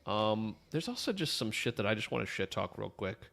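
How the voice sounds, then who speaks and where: Lowish-voiced guy cohosting, brash and crude, swears a lot, casual. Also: sing-song, fairly quick, creaky, fairly bright tone. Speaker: podcast co-host. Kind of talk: casual podcast chat.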